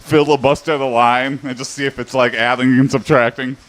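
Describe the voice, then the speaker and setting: Male streamer, casual rambling chat, mid-pitched voice, laughs a lot. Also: fairly even intonation, a little fast, a bit bright. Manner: rambling, laughs often, loose storytelling.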